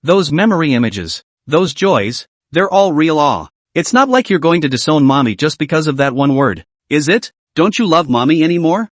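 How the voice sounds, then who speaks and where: A man's voice: on the high side, very animated, normal speed, hardly any pauses, no room sound. A man voicing a ghost mother who dotes on and mocks her son, in a cooing manner, as part of a recap reading. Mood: pleading. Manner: cooing, doting, mocking. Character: sweetly menacing ghost mother, woman.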